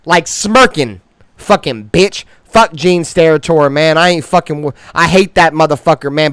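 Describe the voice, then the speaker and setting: At normal speed and with a clean tone and no echo, this fan sports show host delivers cocky trash talk. He swears heavily and uses slang, and his voice gets loud and high once he's fired up.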